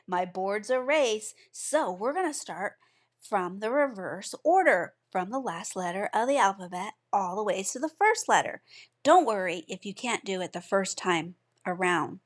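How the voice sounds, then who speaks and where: Breathy woman teaching letter sounds. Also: medium pitch. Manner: gentle, encouraging, sounds out letters slowly. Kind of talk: children's alphabet lesson.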